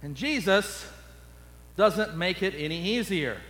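A man preaching an expository sermon, slowing down dramatically on key words. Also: high voice, expressive, fairly bright tone, big-room sound, poor audio. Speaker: pastor.

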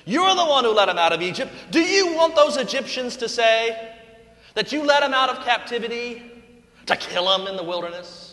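A preacher putting on an exasperated, pleading Moses. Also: male voice, extremely high pitch, very animated, moderate pace, reverberant, in a large hall, voice pushed up, exaggerated voice. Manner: loud, pushy, comically indignant.

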